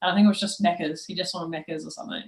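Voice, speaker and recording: A woman's voice: on the low side, steady tone, racing, gravelly, darkish tone, echoey room, rough recording. A young woman telling stories as a guest on a casual podcast, laughing often and using lots of fillers.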